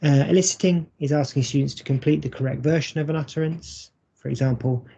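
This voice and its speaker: A man presenting a recorded workshop for English teachers, speaking in a measured, explanatory way with frequent ums. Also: mid-range voice, steady tone, vocal fry, dark tone, husky. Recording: dull lo-fi audio.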